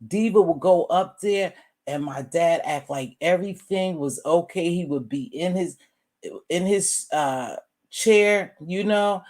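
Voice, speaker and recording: A woman in her sixties who speaks at a middling pitch. She tells a long family story to a live audience in a relaxed, chatty way, full of asides and lively retellings. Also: a little slow. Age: 60s. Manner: animated, chatty, calls listeners "baby" and "y'all". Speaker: guest telling a family story.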